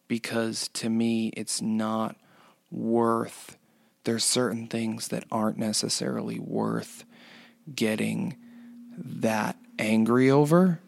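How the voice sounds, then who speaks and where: Man, casual rambling monologue, dry close sound, gravelly voice. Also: medium pitch, flat delivery, slow pace, no room sound. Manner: rambling with many restarts and fillers. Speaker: retail worker telling a work story.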